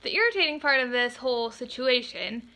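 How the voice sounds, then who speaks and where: Woman, photographer, storytime vlog, high-pitched, bright voice, animated and exasperated. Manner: animated and exasperated, quoting people in quick voices.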